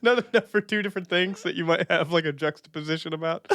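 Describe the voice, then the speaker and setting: A man's voice: fairly high pitch, quick pace, fairly bright tone, a little hiss or hum. A young man from Northern New York with that region's accent, riffing and swearing through comedic podcast banter with lots of laughing. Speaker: podcast co-host.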